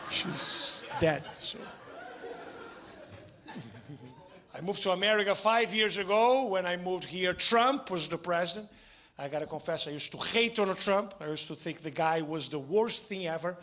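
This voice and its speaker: A man doing stand-up comedy, deadpan and chuckling at his own jokes, on a stage mic. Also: high-pitched, normal speed, pauses often. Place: theater stage before a live audience. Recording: live show with crowd laughter. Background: audience laughter.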